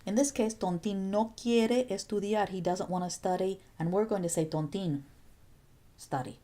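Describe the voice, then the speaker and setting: A woman Spanish teacher explaining grammar step by step in a recorded video lesson, patient and clear with playful asides. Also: mid-range voice, normal speed, mellow.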